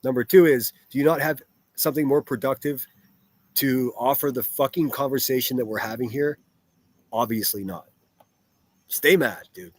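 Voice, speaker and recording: A man's voice: mid-range voice, moderate pace, pauses often, dry recording. Blunt, profane man streaming to chat. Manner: blunt, profane, rambling with restarts. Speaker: livestreamer reading chat. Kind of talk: live-stream chat commentary.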